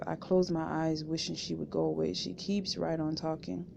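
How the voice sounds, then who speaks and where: A woman reading a memoir aloud in first person, steady and unhurried, on a dull lo-fi home recording. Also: low voice, creaky, slight background noise. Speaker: audiobook reader.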